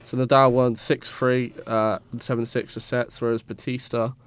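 A man's voice: medium pitch, flat delivery, normal speed, clear, resonant tone. A man co-hosting a casual sports podcast, rambling and stumbling over player names with self-mocking asides.

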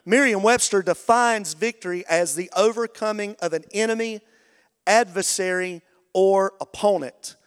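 Male pastor, high smooth voice, rousing call-and-response preaching, long hall reverb. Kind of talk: sermon.

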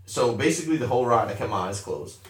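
A young man talks casually and curses freely, spinning an animated, slangy story with his friends. His voice sits mid-range. It comes through a roomy space, a little off the mic. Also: mid-range voice, fast. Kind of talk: casual chat. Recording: roomy echo, a bit far from the mic.

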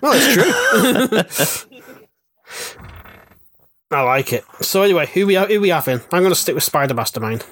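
A man's voice: on the high side, expressive, racing, hardly any pauses, no echo. A man hosting a casual chat, joking and laughing as he steers the talk. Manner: jokey, laughs a lot, leads the talk. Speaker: podcast host.

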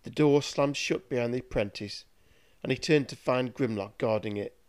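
A man reading a dark fantasy story aloud with measured, dramatic narration. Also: medium pitch, smooth.

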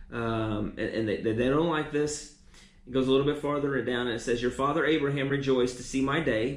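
Male preacher, teaching sermon, halting restarts, roomy reverb. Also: medium pitch. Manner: repeats words often, restarts.

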